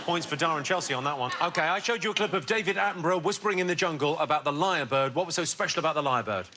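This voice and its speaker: A man's voice: fairly high pitch, very fast, background noise. A man hosting a panel show quiz, dry and teasing as he reads questions and needles the contestants. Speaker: quiz host. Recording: loud studio audience laughter.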